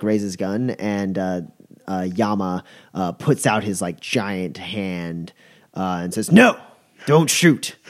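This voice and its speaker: A man's voice: lowish voice, warm tone. A young man narrating a tabletop game as game master, rambling with lots of fillers. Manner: rambling with many fillers, chuckling.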